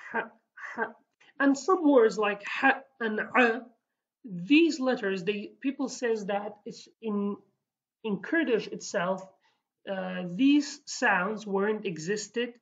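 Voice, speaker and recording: A woman teaching a language lesson, sounding out each letter several times and often correcting herself. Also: mid-range voice. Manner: repeats each sound slowly, with fillers and self-corrections. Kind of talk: casual spoken lesson. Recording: dull lo-fi recording.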